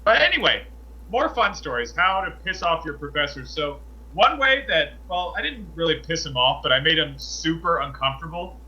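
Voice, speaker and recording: Bright-voiced man telling college stories. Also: fairly high pitch, moderate pace, dull audio. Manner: animated, indignant retelling with acted quotes. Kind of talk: casual storytelling chat.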